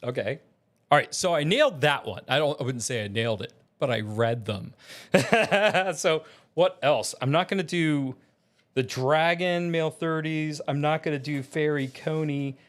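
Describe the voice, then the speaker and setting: A man's voice: a little high, unhurried, a bit bright. A man talking in a casual vlog as an aspiring voice actor, rambling and self-deprecating with many restarts.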